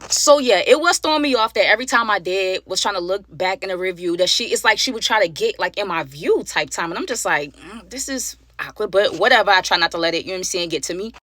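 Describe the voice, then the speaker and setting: A woman telling a story time to her viewers, animated and slangy, talking straight to them. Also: medium pitch, fast, few pauses, no echo. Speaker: storyteller, channel host.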